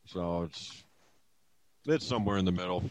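Man, casual co-host, low voice, lively intonation, dry recording. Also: moderate pace, dry recording. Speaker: podcast co-host. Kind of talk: casual chat.

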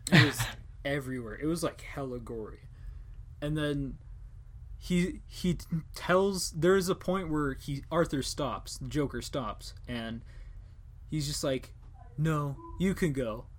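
A man's voice: a little high, lively intonation, measured pace. A young man hosting a casual podcast chat, rambling and joking with casual swearing. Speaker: podcast host.

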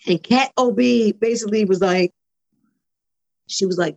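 Animated woman telling her story. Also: mid-range voice, unhurried, vocal fry, highs cut off. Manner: animated, acts out quoted dialogue, repeats words when excited. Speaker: podcast guest. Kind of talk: casual interview storytelling.

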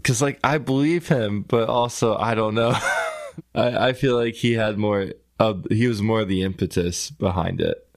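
A man co-hosting a casual podcast, easygoing and quick to laugh. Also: lowish voice, no room sound, clean studio sound. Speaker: podcast co-host. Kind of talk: casual chat.

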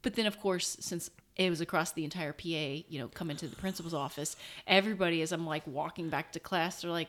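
A woman's voice: lowish voice, fast, few pauses. A woman guest in an interview, casually telling stories and acting out what people said. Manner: animated, acts out quoted voices. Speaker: guest, former national team soccer player.

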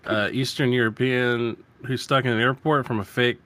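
A man's voice: mid-range voice, steady tone, moderate pace, fairly bright tone, dry recording. A man co-hosting a casual sports talk show, joking and riffing in long comic lists. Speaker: podcast co-host.

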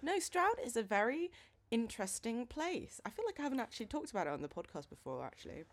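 A woman's voice: on the high side, sing-song, fast. A young adult woman from England co-hosting a podcast in casual, rambling chat full of fillers. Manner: chatty, rambling with many fillers. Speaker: podcast co-host.

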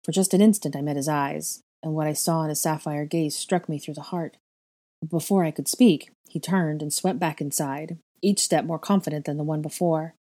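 Female audiobook narrator, measured soft delivery, deep mellow voice. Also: fairly even intonation. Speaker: audiobook reader. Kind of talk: first-person fan fiction narration.

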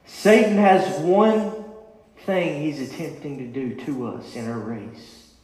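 Male preacher, fervent and rising, higher voice, echoing church hall. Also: slow, a little mellow. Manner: rising, impassioned preaching with repeated calls. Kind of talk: sermon. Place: church sanctuary.

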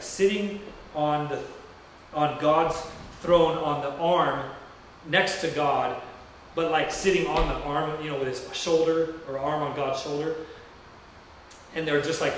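A man's voice: a little high, slight background noise. Echoey, distant man preaching a sermon. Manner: storytelling, conversational and rambling. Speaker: pastor. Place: church sanctuary. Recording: very echoey room heard from a distance.

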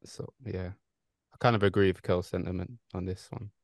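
A man from London on a podcast panel, chiming in calmly. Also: deep voice, a little fast, no room sound, studio quality. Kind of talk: casual chat.

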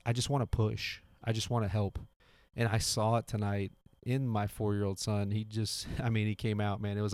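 A man's voice: on the low side, darkish tone, dry recording. A man in his thirties hosting a podcast, talking in a casual, earnest motivational monologue with many restarts. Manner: earnest, repeats himself, restarts often. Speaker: podcast host. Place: home garage.

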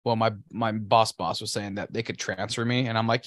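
A man's voice: fairly low pitch, steady tone, fairly quick, fairly bright tone, no echo, studio quality. A man co-hosting a podcast, ranting and cursing about his week in casual chat. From Pacific Northwest. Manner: profane, ranting, sarcastic. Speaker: podcast co-host.

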